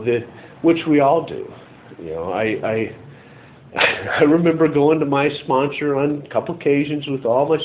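A middle-aged man telling his recovery story in a rambling, halting way, full of restarts. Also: fairly high pitch, noisy background. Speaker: recovery meeting speaker. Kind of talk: personal testimony. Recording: tinny phone-like audio.

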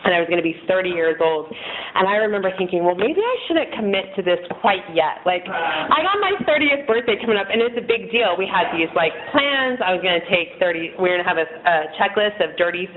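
Fast and expressive, with a fairly low pitch, a thirtysomething woman gives a blunt, meandering testimony to a group in a meeting room at a recovery gathering. She keeps laughing at herself. It's a tinny, phone-quality recording with faint noise.

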